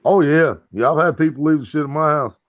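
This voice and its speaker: A man hosting a casual chat, telling profane stories and acting out the other people's lines in a higher voice. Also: fast, no echo. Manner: profane, acts out quoted dialogue in a higher voice. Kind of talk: casual storytelling. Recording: dull lo-fi sound.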